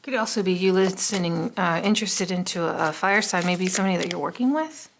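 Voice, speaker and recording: A woman's voice: lowish voice, brisk, a little hiss or hum. A woman doing a casual, chatty tarot reading, musing aloud with many "um" fillers. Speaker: tarot card reader.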